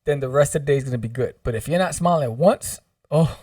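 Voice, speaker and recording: A man guesting on a podcast, telling a story in a lively, humorous way and acting out what people said. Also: medium pitch, fast, no room sound, studio quality, far from the mic. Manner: animated, humorous, acts out quotes. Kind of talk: casual storytelling.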